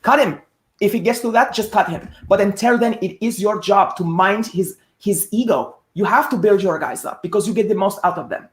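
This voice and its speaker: A woman's voice: mid-range voice, brisk. Woman, sports talk co-host, emphatic, repeats herself for stress, echoey room. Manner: emphatic, repeats words when stressing a point. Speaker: podcast co-host.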